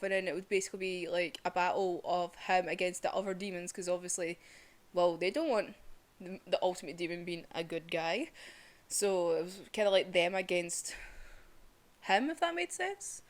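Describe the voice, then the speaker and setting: A young woman gushing excitedly through a casual manga chapter review, full of fillers. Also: lowish voice.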